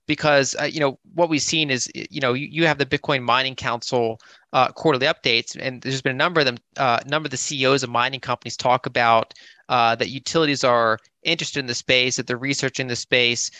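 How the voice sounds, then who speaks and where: A man's voice: mid-range voice, fairly even intonation, fairly quick, sharp tone, no room sound. A man speaking on a conference panel, hesitant, with many fillers and restarts.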